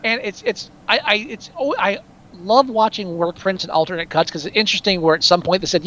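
A man co-hosting a casual film discussion, animated and profane, often trailing off and restarting mid-sentence. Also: sits high, brisk.

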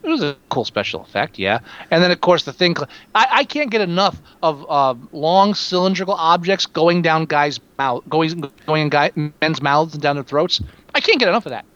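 A man chatting casually about a film, sarcastic, animated and quick to swear. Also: fairly high pitch, clean tone, dull audio. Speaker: podcast co-host reviewing a film. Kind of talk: casual profane movie chat.

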